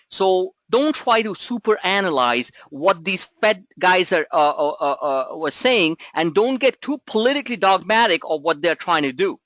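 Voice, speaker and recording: A man's voice: high-pitched, a bit bright, no echo. A man coaching traders in a live webinar, talking bluntly and emphatically, firing off rhetorical questions and casual swearing. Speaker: trading coach. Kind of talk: live market commentary webinar.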